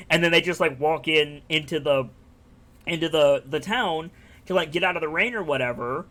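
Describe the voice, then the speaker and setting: A man on a live stream chats casually and enthusiastically about a game, rambling and swearing freely. His voice is on the high side, a bit bright, and fairly quick.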